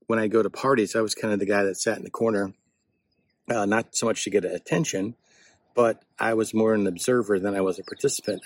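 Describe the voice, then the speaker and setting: A man shares writing advice outdoors in a loose, reflective monologue, drifting from thought to thought. His voice is husky and sits fairly low, and the sound is dry and close with little room echo. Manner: reflective, meandering. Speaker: writer giving writing tips. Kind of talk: casual spoken monologue. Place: outdoors, not in a studio.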